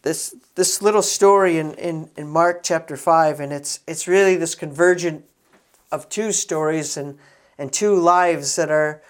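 A middle-aged man preaching in a relaxed storytelling way, with frequent restarts and quiet, intimate asides. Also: on the high side, unhurried. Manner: conversational, many restarts, soft intimate asides. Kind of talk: sermon storytelling.

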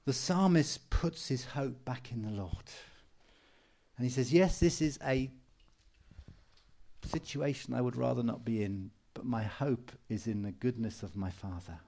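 A man's voice: mid-range voice, measured pace, vocal fry, mellow. A man preaching a sermon in an earnest, encouraging way, repeating phrases for emphasis. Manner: mimics people for humor with raised voice.

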